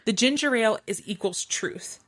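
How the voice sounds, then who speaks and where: A woman's voice: fairly high pitch, lively intonation, moderate pace, a bit bright. A woman co-hosting a podcast, chatting in a wry, joking way. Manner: wry, joking, reads from notes. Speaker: podcast co-host. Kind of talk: casual chat recapping a TV episode.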